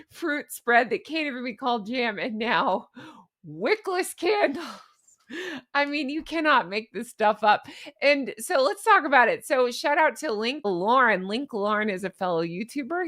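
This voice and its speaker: A woman's voice: fairly high pitch, a bit bright. A woman hosting a casual commentary vlog, chatty and amused, laughing often and tossing in rhetorical questions and asides. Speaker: YouTube commentary host.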